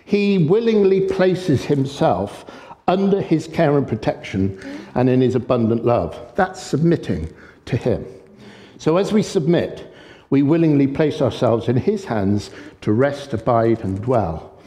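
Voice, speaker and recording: A man preaching a sermon with impassioned energy, often getting excited and loud. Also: mid-range voice, a little slow. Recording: long echoey hall reverb.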